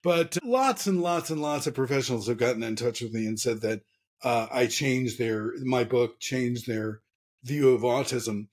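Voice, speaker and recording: A man's voice: mid-range voice, moderate pace. A man being interviewed as a guest author, talking candidly and earnestly with frequent restarts. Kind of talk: casual interview chat.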